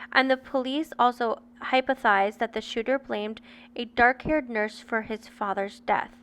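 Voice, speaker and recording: A woman's voice: fairly high pitch, a bit bright, clean tone. A woman hosting a channel on adoption, giving casual true-crime commentary in a conversational way, often stopping to correct herself as she reads from her sources. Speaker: adoption educator and channel host.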